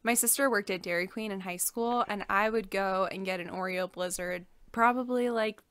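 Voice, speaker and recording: A woman chatting as a podcast guest, her voice bright and energetic. She laughs easily between points. The recording is dry and close. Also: medium pitch, moderate pace, dry recording. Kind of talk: casual chat.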